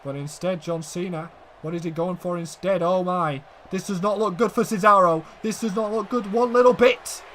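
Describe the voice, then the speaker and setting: Here a man commentates a wrestling video game with high-energy shouts, repeatedly greeting the ladies and gentlemen watching. He speaks in a high voice at a moderate pace over slight background noise.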